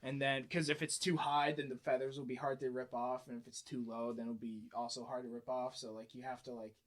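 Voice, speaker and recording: A man's voice: mid-range voice, flat delivery, a little fast. Young man, casual podcast chat, rambling, crude, laid-back storyteller. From United States. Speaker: podcast guest.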